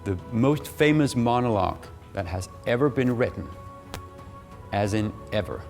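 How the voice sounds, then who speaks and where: A man leads a public speaking workshop in an animated, talkative way, laughing easily between points. His voice sits at an ordinary middle pitch. Faint music plays underneath. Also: moderate pace, vocal fry. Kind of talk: workshop teaching. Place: workshop room.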